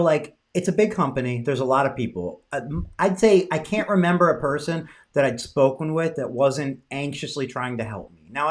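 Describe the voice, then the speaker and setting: A podcast host in casual chat, reasoning aloud with many fillers. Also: medium pitch.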